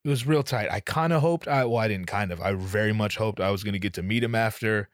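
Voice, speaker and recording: A young man hosting a podcast, telling a casual, profane, self-mocking story, his voice jumping up in pitch for his own quoted reactions. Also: fast talker, no room sound, clean studio sound. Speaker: podcast host.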